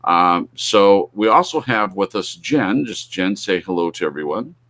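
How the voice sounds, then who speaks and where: A man with a deep, low-pitched voice hosts a live online show. He talks loosely and rambles, with plenty of fillers and restarts. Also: lively intonation, unhurried, a bit bright. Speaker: host. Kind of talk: casual live-stream talk.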